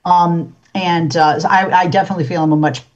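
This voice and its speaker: Woman talk host, low voice, chatty, dull lo-fi sound. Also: fairly even intonation, brisk, crowd noise. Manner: chatty, fills with uh and you know. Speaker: radio talk show host. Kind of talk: casual interview chat.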